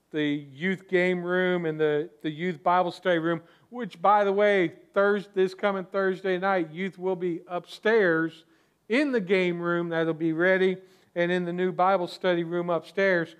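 A man's voice: high voice, fairly even intonation, measured pace, clear, resonant tone. A man preaching a sermon as pastor, conversational, with restarts and asides to the congregation.

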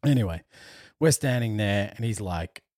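A young man co-hosting a podcast, telling a travel story in an animated way, laughing often and acting out what people said. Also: fairly low pitch, normal speed, dry recording, studio quality. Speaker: podcast co-host. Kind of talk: casual storytelling chat.

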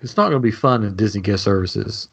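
A man's voice: on the low side, quick pace, creaky, slight background noise. A man from Tennessee, joking around in casual chat as a podcast co-host. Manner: animated, joking, laughs easily.

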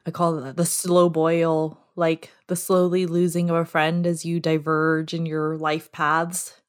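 Low-voiced woman musing on a podcast. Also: monotone, smooth. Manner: reflective, thinks aloud with pauses. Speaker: podcast co-host. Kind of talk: casual chat.

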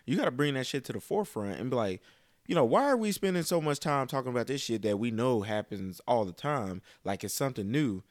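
A man talking frankly and profanely in casual chat, animated as he vents. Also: medium pitch, fairly quick, no room sound, studio quality.

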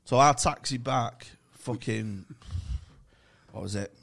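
A man's voice: medium pitch, takes it slowly, creaky, fairly bright tone. A male comedian guest telling rambling, sweary anecdotes in casual podcast chat.

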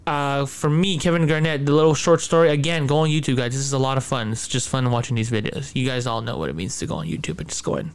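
A man's voice: mid-range voice, fast talker, few pauses, clean tone. A man hosting a casual sports chat, rambling with many restarts and fillers. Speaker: podcast host.

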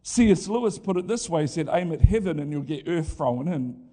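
A middle-aged male pastor preaching a sermon in a lively, conversational way, with asides to the congregation. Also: on the high side, brisk.

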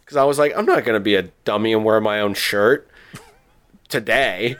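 A man's voice: lowish voice, moderate pace, fairly bright tone. Chatty man telling a rambling story. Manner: rambling storyteller, laughs often. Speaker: podcast host. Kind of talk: casual chat.

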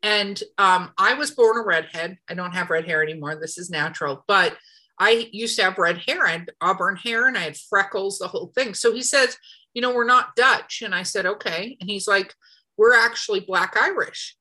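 An American woman co-hosts a casual podcast. Her voice is bright and forward, with a clear, sharp edge. She tells stories in an animated, expressive way. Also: mid-range voice, fairly quick, rough recording. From United States. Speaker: podcast co-host. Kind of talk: casual chat.

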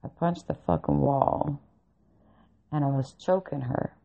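A woman vlogging in a casual storytelling rant, blunt and full of profanity, laughing as she goes. Her voice is deeply gravelly and husky. She takes her time, and the recording sounds dull and lo-fi. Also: fairly even intonation, unhurried.

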